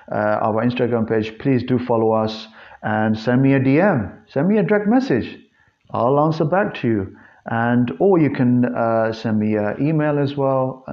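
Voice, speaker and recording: A man with a mid-range voice hosts a solo fitness podcast, chatting casually and earnestly to his listeners. His delivery rambles, with frequent restarts and fillers. The recording sounds slightly dull and lo-fi. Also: mid-range voice. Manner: earnest, addresses listeners as guys. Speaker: fitness trainer and podcast host.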